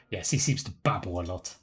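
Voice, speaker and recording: A man's voice: sits low, fairly bright tone. A man giving casual, dry commentary while he plays a game. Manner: dry, wry, chuckling asides. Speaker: streamer.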